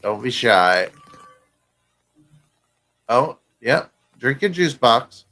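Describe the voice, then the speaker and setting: A man's voice: medium pitch, very animated, very slow, sharp tone. A male host mocking a clip with teasing, ribbing banter. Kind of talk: mocking commentary over a clip.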